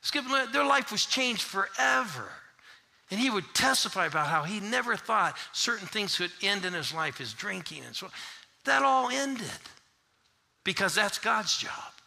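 High, bright-voiced pastor preaching. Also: male voice, big pitch swings, moderate pace, vocal fry. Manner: swings from shouted call-and-response to hushed storytelling. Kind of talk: sermon. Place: church.

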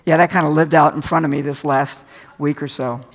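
A man's voice: fairly high pitch, fairly even intonation, brisk. An older man preaching a sermon in a folksy, conversational way, telling stories from his own life, a little tired. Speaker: pastor.

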